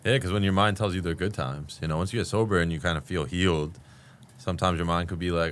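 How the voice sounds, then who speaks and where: A man's voice: low-pitched, fairly even intonation, fast, a bit bright, a little hiss or hum. A man in his thirties, a guest candidly telling his recovery story in a rambling way, full of fillers. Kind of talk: candid podcast conversation.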